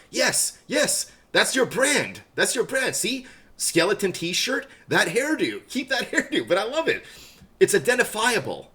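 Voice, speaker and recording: A man's voice: fairly high pitch, fairly bright tone. A middle-aged man chatting casually on a live stream, self-mocking and laughing often.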